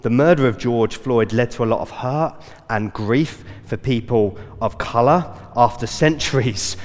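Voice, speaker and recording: A man's voice: mid-range voice, a little slow, long reverb tail. A man preaching a sermon as a church elder, speaking earnestly with hesitant fillers and restarts.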